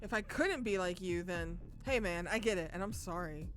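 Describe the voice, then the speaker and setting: A woman's voice: lowish voice, moderate pace, close to an everyday voice. A woman voicing a stressed, defensive young man who runs a street gang, reading his lines in her own voice. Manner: defensive, heated.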